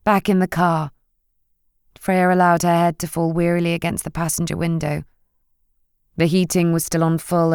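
A woman narrating a novel in a measured, gentle reading. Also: fairly low pitch, smooth, no echo, studio quality. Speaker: audiobook narrator. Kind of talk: scripted narration.

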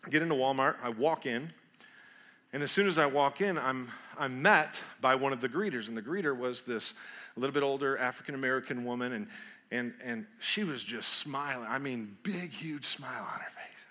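A male pastor preaching a sermon, telling a personal story with animated, loud bursts and quieter prayerful stretches, often restarting words and laughing. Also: mid-range voice, moderate pace.

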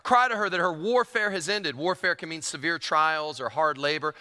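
Bright, lively male preacher in echoing hall. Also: a little high, normal speed. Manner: emphatic, animated, repeats phrases for effect. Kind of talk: sermon. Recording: long hall reverb.

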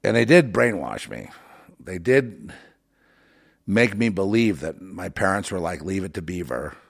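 A man hosting his own show, talking in a long rambling monologue with a lowish voice. He swings from loud outbursts to quiet muttering and fills his talk with fillers and restarts. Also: big pitch swings, unhurried, vocal fry. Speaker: show host.

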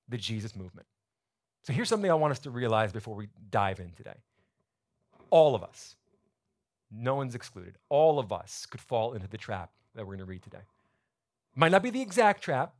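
A man preaching a sermon to his church congregation, explaining scripture in a lively, conversational teaching manner. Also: on the high side. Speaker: pastor. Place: church sanctuary.

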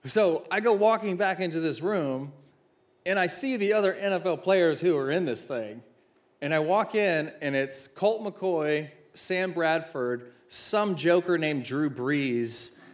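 Animated man telling stories with humor. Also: fairly high pitch. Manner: animated storyteller, acts out dialogue, self-mocking humor. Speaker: former football player giving a talk. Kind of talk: inspirational talk with personal stories.

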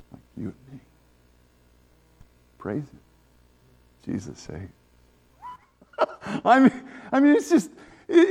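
A man preaching a sermon, emphatic, swinging between loud exclamations and quiet asides. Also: high-pitched, husky.

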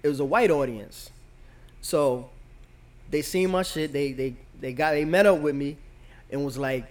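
A man's voice: on the high side, measured pace, long pauses. A man hosting a podcast, a comedian talking in a laid-back casual way and often checking in with the listener. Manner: laid-back, repeats "you know what I'm saying". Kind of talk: casual chat.

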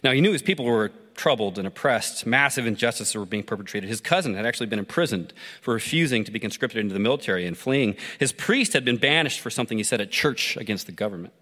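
Reflective preacher man, bright hall sound. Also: mid-range voice, expressive, fast talker, few pauses. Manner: reflective, asks listeners questions. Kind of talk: sermon told as a story. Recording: long hall reverb.

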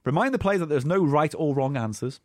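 A man's voice: on the high side, expressive, fairly quick, no room sound, clean studio sound. Teasing man reading rules. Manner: reads aloud, teasing, swears, laughs. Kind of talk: comedic banter, reading game rules.

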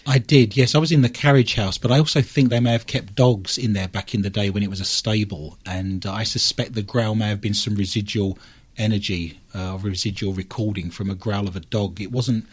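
A man with an East London Cockney accent speaks in a low, husky voice. He co-hosts casual radio talk and tells his stories in a measured way, full of asides. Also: steady tone. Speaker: paranormal investigator co-host.

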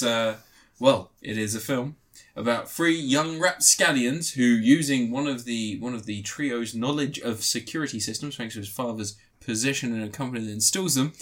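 A man's voice: mid-range voice, fairly bright tone. A man giving a rambling, crude, joke-filled film review, swearing often. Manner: rambling, crude, swears a lot, jokey asides. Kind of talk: casual comedic film review.

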